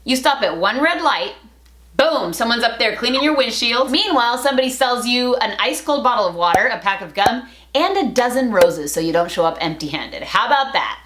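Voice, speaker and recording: A woman's voice: a little high, expressive, a little fast, a bit bright. Playful, chatty woman vlogger. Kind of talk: casual talk to camera. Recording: roomy echo.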